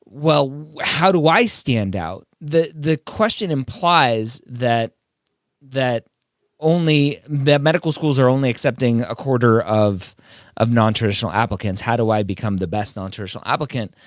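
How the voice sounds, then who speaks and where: A man's voice: medium pitch, normal speed, no echo, studio quality. Emphatic man hosting an advice podcast. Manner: emphatic, animated, rhetorical questions. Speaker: podcast host. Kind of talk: casual advice podcast chat.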